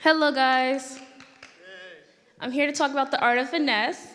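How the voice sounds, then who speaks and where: A woman's voice: high voice, steady tone, moderate pace, a bit bright. A young woman giving a casual, comic student talk on a school theater stage, acting out quoted dialogue. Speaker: student speaker. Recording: echoey auditorium.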